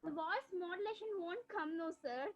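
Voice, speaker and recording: A woman's voice: extremely high pitch, normal speed, highs cut off. A woman student asking her teacher a question in an online class, polite and hesitant, addressing him as sir.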